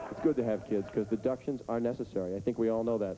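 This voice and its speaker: A male stand-up comedian teasing audience members with rapid, absurd riffs on a theater stage. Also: fairly low pitch, steady tone, crowd noise. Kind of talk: stand-up comedy with crowd work. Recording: noisy live stage recording.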